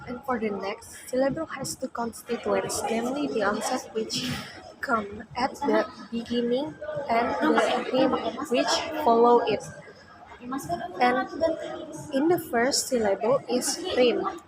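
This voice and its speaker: Slow, halting young woman student. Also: a little high. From Indonesia. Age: young adult. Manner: slow, halting reading with restarts. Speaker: university student presenter. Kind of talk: class presentation. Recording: loud crowd noise behind.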